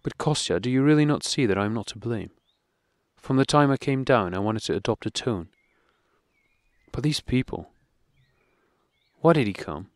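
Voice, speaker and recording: Audiobook: male reader doing a distressed young wife, trembling and pleading, raised a little higher than his own voice, dry sound. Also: lively intonation, moderate pace, long pauses, no echo, lightly acted. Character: anxious, tearful young wife.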